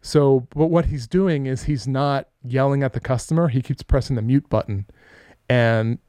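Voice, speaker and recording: A middle-aged podcast co-host, speaking at moderate pace in a clean, medium-pitched voice with no room sound, tells casual stories, cursing freely and animatedly performing the quotes.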